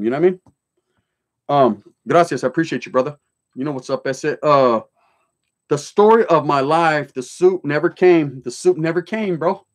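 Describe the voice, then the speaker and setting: Streamer, middle-aged man, slightly high pitch, blunt street-slang storyteller. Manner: streetwise slang mixed with Spanish words, heavy swearing; blunt, storytelling, joking then serious. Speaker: livestream host. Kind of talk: casual livestream chat, reading comments aloud.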